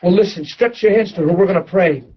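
A man preaching to a church audience, telling a story with lively laughter and excited outbursts. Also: sits high, quick pace, highs cut off, slight background noise. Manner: animated, laughing, voice jumps up when excited. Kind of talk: storytelling sermon.

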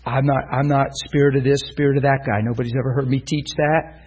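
A man's voice: medium pitch, little pitch movement, fast, a little mellow, breathy edge, lo-fi sound. A man preaching a sermon, telling a story and acting out the voices of the people in it. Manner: storytelling, acts out voices in quotes.

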